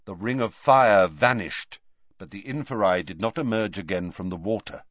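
Man, audiobook narration, dramatic, mid pitch, muffled lo-fi, dead dry room. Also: normal speed, a bit bright, no room sound. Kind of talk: scripted narration.

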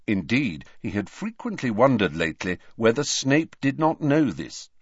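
Animated male audiobook narrator. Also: mid-range voice, moderate pace, slightly rough, no echo. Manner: animated, varied character voices. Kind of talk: audiobook reading. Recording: dry, dull lo-fi.

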